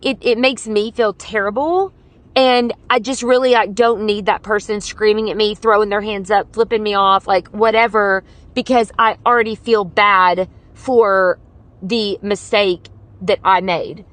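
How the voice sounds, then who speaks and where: Woman podcast host just chatting, earnest, lots of "like", middle pitch voice. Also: steady tone, measured pace, fairly bright tone. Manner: chatty and earnest, many "like" fillers. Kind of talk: casual solo podcast storytelling; scripted podcast intro.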